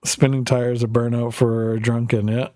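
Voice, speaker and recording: A man's voice: medium pitch, flat delivery, normal speed, dark tone, no echo, clean studio sound. A man from Canada, a gaming streamer chatting casually with viewers in a rambling, profane, joking way. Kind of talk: casual chat while gaming.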